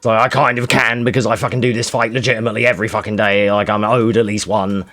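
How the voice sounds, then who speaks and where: A man giving frustrated, swear-heavy live commentary while speedrunning a game, muttering to himself and shouting at the game. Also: on the low side, flat delivery, quick pace, dry recording, soft background music. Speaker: speedrunner streaming.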